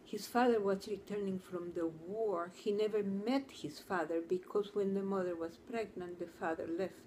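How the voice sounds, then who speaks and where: A woman's voice: mid-range voice, a little mellow, slight background noise. A woman therapist telling a client's story to camera in an earnest, storytelling manner. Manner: earnest, storytelling, slow and deliberate. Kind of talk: talk to camera.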